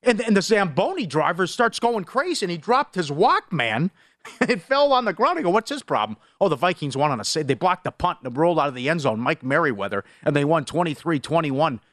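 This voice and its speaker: Middle-aged male sports radio host, animated storyteller, lively upper voice, dry studio sound. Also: brisk, dry recording. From Superior, Wisconsin. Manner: animated storyteller, big pitch swings. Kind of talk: casual sports talk.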